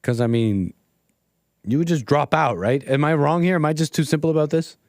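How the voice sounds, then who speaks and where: A man's voice: fairly high pitch, a little fast, darkish tone, dry recording, clean studio sound. A man hosting a solo livestream, talking over a played clip with sarcastic, mocking commentary into a desk mic. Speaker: livestream host. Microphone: desk mic, streaming solo.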